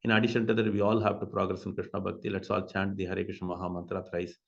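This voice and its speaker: A man giving a devotional scripture class, slowly explaining Sanskrit verses and asking rhetorical questions. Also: deep voice, flat delivery, gravelly, dull audio. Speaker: class speaker.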